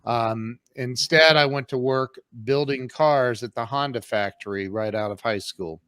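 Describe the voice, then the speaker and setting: Fifties male guest, mid-pitched, candid and emphatic, recorded dry. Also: measured pace, a bit bright, smooth, no echo. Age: 50s. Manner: candid, emphatic, acts out quoted exchanges. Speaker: podcast guest. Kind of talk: casual storytelling in an interview.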